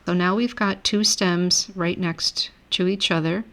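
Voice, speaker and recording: Low-voiced woman teaching Greek grammar. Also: measured pace. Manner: relaxed, self-correcting explanations. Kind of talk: recorded lecture over screen.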